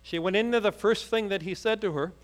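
A man preaching a sermon, telling a story rapidly and then rising into fervent, emphatic preaching. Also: high voice.

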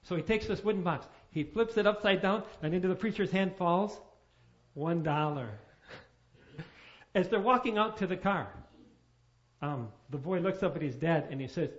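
Male pastor preaching, storytelling, lots of rhetorical questions, highish voice, muffled lo-fi sound. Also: moderate pace. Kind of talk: sermon.

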